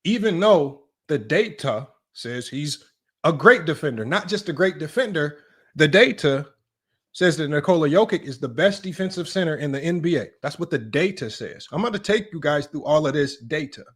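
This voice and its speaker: A man's voice: a little high, lively intonation, moderate pace, slightly rough. A man hosting a livestream sports talk show, emphatic and repetitive, tossing in "right?" and "y'all" as he argues a point. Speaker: sports channel host.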